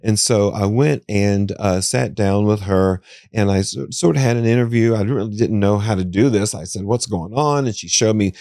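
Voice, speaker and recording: Low-voiced Appalachian man, rambling storyteller. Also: normal speed, hardly any pauses, a little mellow, no room sound, studio quality. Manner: rambling, with many restarts and "you know"s; voice jumps up high when quoting others. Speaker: psychic guest. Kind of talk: casual storytelling interview. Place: podcast studio.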